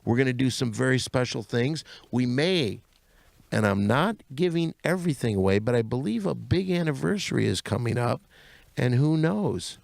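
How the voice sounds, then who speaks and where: A man's voice: medium pitch, lively intonation, moderate pace, vocal fry, no echo. A man hosting a comedy video podcast, who makes announcements and scolds his co-hosts. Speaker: host.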